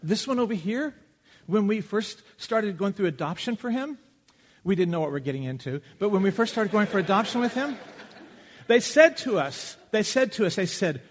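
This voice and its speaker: A man preaching a sermon from Texas, telling stories conversationally and acting out the quotes. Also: sits high. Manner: conversational, animated storytelling with acted-out quotes. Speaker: pastor. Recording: long reverb of a large hall.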